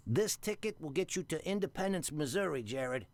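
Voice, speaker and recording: Brief: knowing game ticket agent, formal, higher voice, close and dry. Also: male voice, lively intonation, no room sound. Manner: measured, formal.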